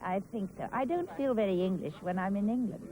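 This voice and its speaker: A woman's voice: mid-range voice, brisk, crowd noise, poor audio. A woman from Wales, an actress answering interview questions hesitantly, with many "um"s and restarts.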